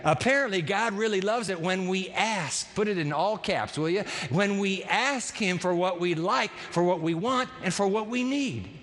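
A male pastor preaching through a Bible passage, telling it as a lively story with asides to the congregation. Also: high voice, moderate pace, hardly any pauses. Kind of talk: sermon. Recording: long hall reverb.

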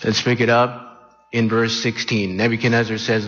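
A man preaching an animated sermon, acting out the story with sudden shouts. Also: mid-range voice, normal speed. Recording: muffled sound in a reverberant hall.

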